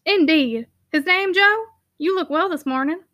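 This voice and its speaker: A woman voicing a nimble, keen older male rector who fires off brisk, commanding questions. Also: very high-pitched, fairly bright tone, no echo, studio quality, voice pushed up.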